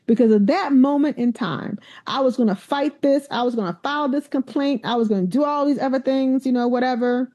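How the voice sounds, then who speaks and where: A middle-aged woman, a university president, telling stories in an animated, emphatic way in a conversational interview. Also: sits high, brisk, few pauses. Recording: dull lo-fi sound.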